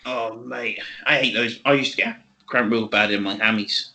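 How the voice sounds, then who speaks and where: Young man, bright tone, sweary, laughs a lot, casual podcast co-host. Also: medium pitch, normal speed. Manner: swears a lot, laughs often, animated storytelling. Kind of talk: casual chat.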